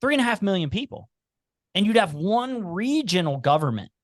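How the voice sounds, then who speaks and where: A man's voice: high-pitched, sing-song, a little fast, no room sound, studio quality. A man from the Cincinnati area with a slight Appalachian twang, talking animatedly as a podcast guest in casual chat, often repeating and restarting words. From Cincinnati area, United States.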